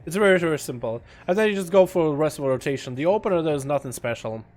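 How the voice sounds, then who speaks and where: A young man livestreaming a video game in a casual chat, reading and answering his chat, with sudden loud excited outbursts. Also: a little high, fast talker. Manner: chatty, reads and answers chat, bursts into loud excited outcries.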